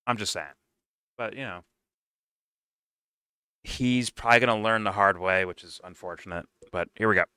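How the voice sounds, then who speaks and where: A man hosting a casual reaction stream, pausing a clip to comment in a rambling, profane way. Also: on the low side, fairly even intonation, pushed and bright, smooth, no echo, clean studio sound.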